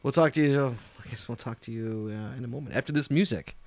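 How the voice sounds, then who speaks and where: A man's voice: medium pitch, fast. A man co-hosting a podcast, playful and rambling, laughing often. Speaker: podcast co-host. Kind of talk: casual chat.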